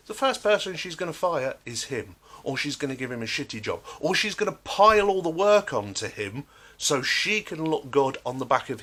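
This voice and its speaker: Animated ranting man. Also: mid-range voice. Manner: emphatic, sarcastic, acts out quotes. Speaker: vlogger. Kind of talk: ranting monologue.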